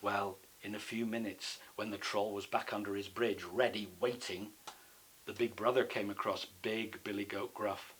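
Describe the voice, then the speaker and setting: A man telling a bedtime story to a child, with gentle, chatty asides. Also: on the low side, fairly even intonation, moderate pace, slight background noise.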